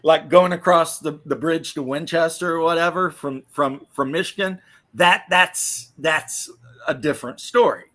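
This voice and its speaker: Male podcast host from the American South, slightly high voice, profane, rambling and joking. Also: measured pace, bright, forceful tone. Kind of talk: casual podcast chat.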